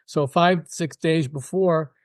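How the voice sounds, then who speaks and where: An older man speaking as an interview guest, his voice sitting somewhat high for a man. He tells his stories with animation and slips into other people's voices as he recounts them. The sound is dry and close, with almost no room around it. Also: slow pace, no room sound. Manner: animated, acts out quoted voices. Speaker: guest musician. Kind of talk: casual interview storytelling.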